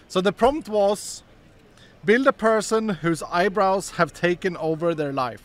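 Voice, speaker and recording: A man's voice: sits high, a little slow. A man chatting casually on a livestream while presenting player builds, amused and laughing often.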